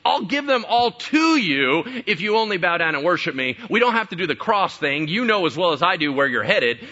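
A man acting out a smooth-talking male devil tempting someone with easy shortcuts. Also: high voice, big pitch swings, brisk, bright, forceful tone, lo-fi sound, voice pushed up, heavily acted. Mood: coaxing. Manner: coaxing, pushy, casual.

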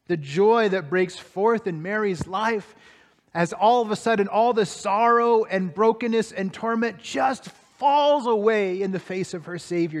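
A man preaching a sermon, telling a story dramatically and swinging between hushed, slow passages and raised, excited ones. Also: high voice, long reverb tail. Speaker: pastor.

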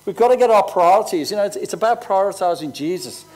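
Older pastor in his sixties, high-pitched, chatty storytelling sermon. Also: lively intonation, fast talker, darkish tone. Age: 60s. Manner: conversational, storytelling preacher. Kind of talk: sermon with personal stories.

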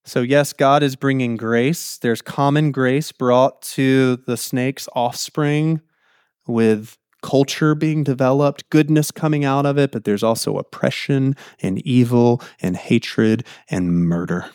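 A man preaching a sermon in an animated way, acting out the quotes in his text and laughing easily. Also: mid-range voice, slow pace, clear, resonant tone, no room sound, clean studio sound. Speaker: pastor.

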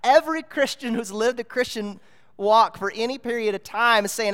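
High-voiced preacher in a reverberant hall. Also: male voice, moderate pace, a bit bright. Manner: earnest, explanatory, rising to emphatic peaks. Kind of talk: sermon.

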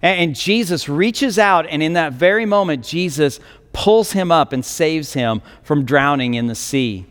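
Slow-speaking high-voiced male pastor. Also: animated, fairly bright tone, long reverb tail. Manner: storytelling, retelling scripture vividly with many restarts. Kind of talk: sermon.

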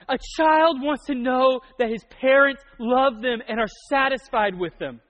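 A young man preaching a sermon in a conversational, joking manner, with quick asides. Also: very high voice, a bit bright. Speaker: pastor. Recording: dull lo-fi recording.

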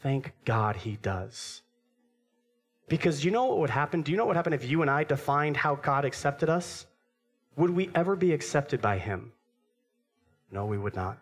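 A male pastor preaching a sermon to his church, swinging between animated, raised passages and hushed, quiet ones. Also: fairly high pitch, normal speed, long pauses.

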